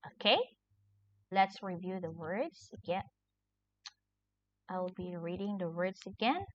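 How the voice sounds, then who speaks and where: A woman's voice: on the low side, slow, long pauses, no room sound. A woman teaching English vocabulary to children, patiently repeating each word with simple examples. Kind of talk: slow vocabulary lesson for children. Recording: dull lo-fi recording.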